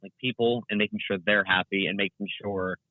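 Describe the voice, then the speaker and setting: A man's voice: lowish voice, steady tone, brisk, dry recording. A young man, a guest content creator, chatting casually in an interview, rambling with many fillers and restarts over a remote call. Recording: tinny phone-like line.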